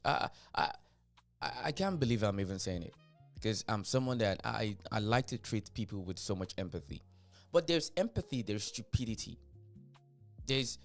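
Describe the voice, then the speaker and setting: A man hosting a reaction video, talking casually and laughing in disbelief at clips. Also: mid-range voice. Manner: animated, laughing, incredulous.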